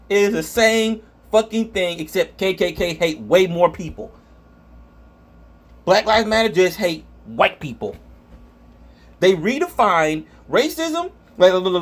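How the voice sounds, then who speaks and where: A man with a notably high voice rants angrily and profanely while reacting to comments in a vlog. He often stumbles over his words and restarts. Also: expressive, a little slow. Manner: angry profane ranting. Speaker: vlogger.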